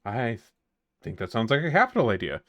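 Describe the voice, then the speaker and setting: A man voicing a regal female half-elf ship captain who speaks in a crisp, formal, upbeat way. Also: medium pitch, sing-song, a little fast, fairly bright tone, no room sound, voice pushed up. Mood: brisk, welcoming.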